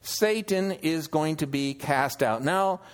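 A man preaching an expository sermon, teaching slowly through scripture and asking the listeners questions. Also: fairly high pitch, animated. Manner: slow, measured teaching with scripture quotes; emphatic, questioning delivery.

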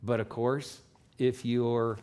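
A man's voice: medium pitch, level tone, takes it slowly, warm tone. A man, likely a pastor, preaching a sermon in a folksy way with asides and rhetorical questions.

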